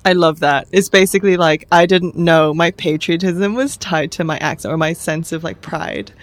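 A woman's voice: lowish voice, fairly even intonation, dry recording. A woman co-hosting a podcast in casual chat, with a mixed international English accent partly British, playful and joking. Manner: playful, joking, quick asides. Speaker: podcast co-host.

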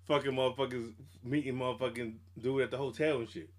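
A man's voice: medium pitch, fast. A man co-hosting a podcast, chatting casually and profanely, retelling scenes and quoting his own reactions. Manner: loose, profane, animated retelling with quoted reactions. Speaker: podcast co-host. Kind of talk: casual chat.

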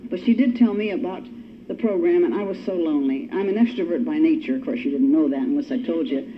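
An older woman's low-pitched voice moves fast, with lively intonation, as she gives her testimony at a recovery meeting. She tells it wryly, at her own expense. The recording has a dull lo-fi quality and faint hiss.

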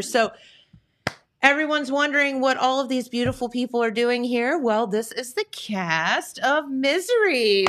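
A woman's voice: a little high, fairly bright tone, a little hiss or hum. A woman hosting a local morning show, chatting casually and laughing often, sharing one studio mic with a guest. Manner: bubbly, giggly and joking. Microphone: shared studio microphone.

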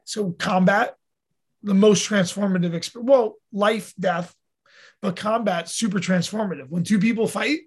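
A man's voice: high voice, steady tone, measured pace, breathy edge. A man talking as a podcast guest and coach, telling stories in an earnest, casual way and swearing now and then. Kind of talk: casual conversational storytelling.

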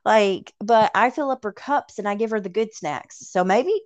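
A woman's voice: medium pitch, animated, normal speed. Southern woman, rambling casual chat. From Tennessee, USA. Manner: rambling, profane, self-deprecating. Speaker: podcast co-host. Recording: dull lo-fi sound.

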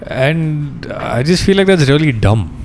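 A man's voice: fairly high pitch, big pitch swings, a little slow, creaky, slight background noise. A man in his thirties from India, co-hosting a podcast in a casual, reflective and wry way, swearing now and then. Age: 30s. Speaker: podcast co-host. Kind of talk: casual chat.

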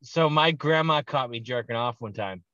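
A man's voice: mid-range voice, normal speed, pushed and bright, highs cut off. A young man on a podcast telling crude, laughing stories over a call, acting out quoted voices. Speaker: podcast co-host. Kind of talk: casual storytelling chat.

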